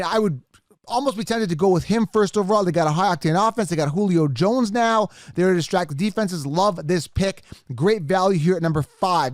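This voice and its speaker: A man with a high voice talks through a live mock draft as a fantasy football host. He is animated, addresses his viewers directly and gets exasperated as picks go. The sound is dry and close. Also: dry recording.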